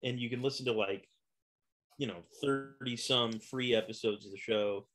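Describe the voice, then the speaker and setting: A man in casual podcast chat who speaks in a deadpan, ironic way. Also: mid-range voice, normal speed. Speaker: podcast guest.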